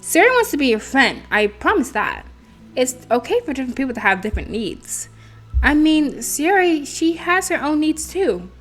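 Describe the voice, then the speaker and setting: A woman doing a bright, upbeat club leader. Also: high voice, big pitch swings, moderate pace, soft background music, voice pushed up. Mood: reassuring. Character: confident, caring young club leader girl.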